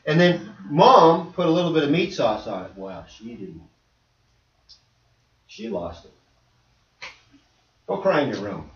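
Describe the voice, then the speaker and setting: A male preacher giving a lively sermon and acting out little scenes and voices. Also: on the high side, a little slow, pauses often. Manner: animated, acts out voices and dialogue. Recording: echoey hall, distant dull mic.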